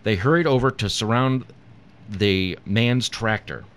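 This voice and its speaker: A man's voice: lowish voice, measured pace, a bit bright. A man co-hosting a casual morning show, dry and wry, reading quotes and jokes aloud. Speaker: radio show co-host.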